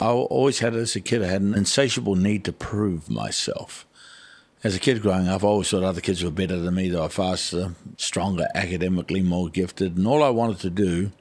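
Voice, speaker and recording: A middle-aged man with a New Zealand accent and a low voice tells stories as an interview guest. He is lively and acts out the dialogue. The sound is dry, with no room echo. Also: fairly quick. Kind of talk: storytelling interview.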